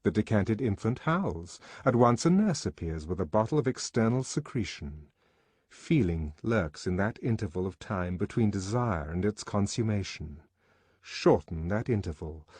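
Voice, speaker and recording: A man reading an audiobook aloud with an expressive, dramatic delivery, recorded close and dry. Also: on the low side, normal speed, breathy edge, no room sound. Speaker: audiobook narrator.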